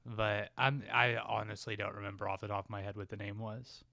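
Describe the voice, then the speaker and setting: A man with a fairly low voice adds short, wry remarks to a casual podcast movie review. His voice sounds dry and close, with no room echo. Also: flat delivery, fairly quick, vocal fry, sharp tone. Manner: short wry comments and agreements. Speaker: podcast co-host.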